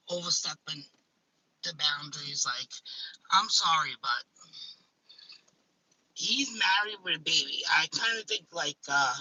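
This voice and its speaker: A woman's voice: on the low side, bright, forceful tone, breathy edge, rough recording. A woman chatting casually as a host, blunt and emphatic, swearing freely as she talks. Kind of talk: casual chat.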